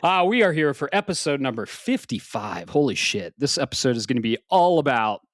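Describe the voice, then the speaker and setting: A man co-hosting a casual gaming podcast, slightly out of breath, swearing freely and swinging from loud bursts to low mutters. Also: very animated, a little fast, no echo, studio quality. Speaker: podcast co-host.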